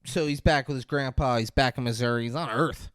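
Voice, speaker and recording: A man co-hosting a podcast in casual chat, telling stories in an animated, profane way. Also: mid-range voice, brisk, smooth, dry recording, studio quality. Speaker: podcast co-host.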